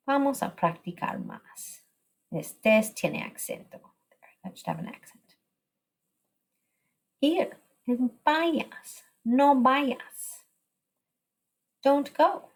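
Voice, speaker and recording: A woman's voice: on the high side, big pitch swings, takes it slowly, pauses often, slightly rough. A woman teaching a recorded slide lesson, explaining step by step and switching between Spanish and English.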